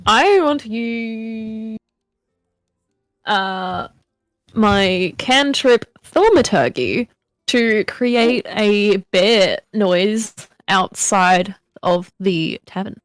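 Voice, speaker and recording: Female tabletop player, slow and deliberate, dry close sound. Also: mid-range voice, animated, no echo, faint music behind. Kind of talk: tabletop game play.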